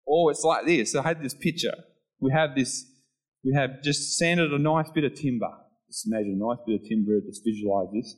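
A middle-aged man preaches an informal sermon in a conversational tone. He tells everyday stories and acts out short scenes, shifting his voice into sudden playful highs and lows. His pitch sits in an ordinary middle range between these turns. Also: brisk, low-quality recording. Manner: chatty, acts out little scenes with voice changes.

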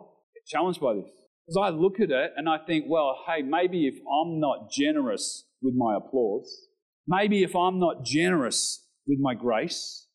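A pastor with a husky voice preaches a sermon on a rough recording. He reads scripture with animated delivery, his pitch rising on the verses, and drops conversational asides to the congregation.

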